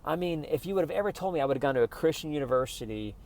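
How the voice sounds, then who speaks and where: A man's voice: fairly high pitch, expressive, racing, darkish tone. Profane rambling man ranting. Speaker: vlogger. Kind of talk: casual rant to camera.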